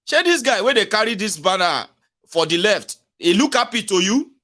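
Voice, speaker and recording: A man's voice: high-pitched, big pitch swings, moderate pace, pushed and bright. A man with a Nigerian accent giving a mocking, emphatic political commentary, switching between Pidgin and English.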